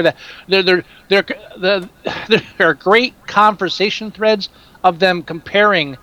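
Talkative rambling man, bright voice. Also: high voice, unhurried, low-quality recording. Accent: New Jersey. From New Jersey. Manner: rambling, stumbles and restarts, mocking asides. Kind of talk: casual chat.

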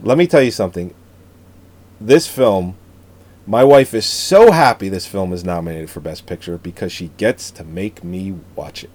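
A man's voice: low-pitched, normal speed. A man co-hosting a casual movie review chat, joking, swearing and telling stories. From Italian-American family background. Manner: profane, joking, animated storytelling. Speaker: podcast co-host.

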